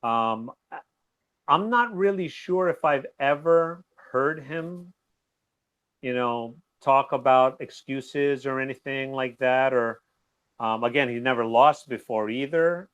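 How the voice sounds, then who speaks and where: A man guesting on a boxing talk show, rambling in an animated way and laughing easily. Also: medium pitch, slow pace, clear, resonant tone. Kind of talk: casual boxing recap chat.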